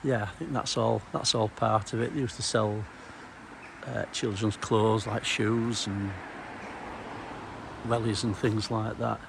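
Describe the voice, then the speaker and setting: Outdoors in a small town, with background noise audible, a middle-aged ex-cop gives a rambling, anecdotal walking tour full of dry humour. His voice is fairly low and even, unhurried, with vocal fry.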